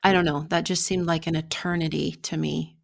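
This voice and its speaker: A woman hosting a podcast interview, gently affirming her guest and asking questions. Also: low voice, level tone. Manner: slow, gravelly, gently affirming. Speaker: podcast host. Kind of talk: interview conversation.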